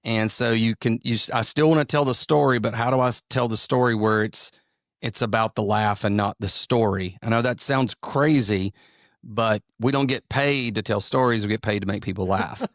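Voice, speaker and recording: A man's voice: lowish voice, moderate pace, no room sound, clean studio sound. A middle-aged man with a Southern US drawl, a comedian and pastor who tells rambling, self-deprecating stories in conversation. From American South. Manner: rambling, self-deprecating storyteller with many restarts. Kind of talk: interview conversation.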